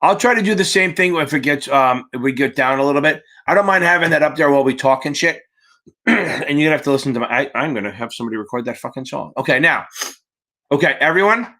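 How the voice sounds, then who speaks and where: Bright-voiced, profane male live-stream tutor. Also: fairly high pitch, expressive, fast. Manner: profane, chatty, reads chat aloud. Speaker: exam prep instructor.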